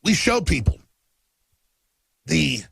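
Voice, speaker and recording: A man hosting a talk radio show, delivering an emphatic, ranting monologue. He piles up lists of numbers and swings between quiet intensity and angry outbursts. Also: on the high side, sing-song, slow pace, gravelly, slightly rough, no room sound.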